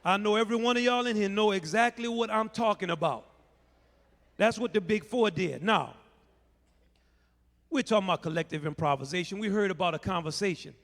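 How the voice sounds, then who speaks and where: Playful New Orleans man on a hall stage. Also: sits high. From New Orleans, USA. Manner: teasing, lively call-and-response with the crowd. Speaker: bandleader teaching children. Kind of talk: playful live lesson to a young audience. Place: large convention hall stage, live audience. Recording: long reverb of a big hall.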